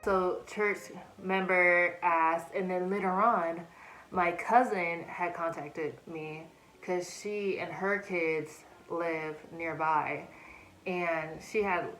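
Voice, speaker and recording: A woman's voice: fairly low pitch, a bit bright, reverberant, slight background noise, low-quality recording. A young woman in a casual storytelling vlog, chatting animatedly and acting out quoted asides, recorded on a phone. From United States. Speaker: vlogger. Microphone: phone camera.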